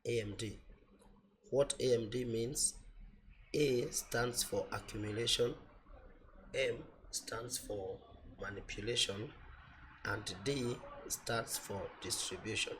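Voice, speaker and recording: A man teaching an online trading class, explaining slowly with repetition and fillers, his voice a little off from a cold. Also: medium pitch, a bit bright, slight background noise. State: voice slightly off from a cold. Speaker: forex trading instructor.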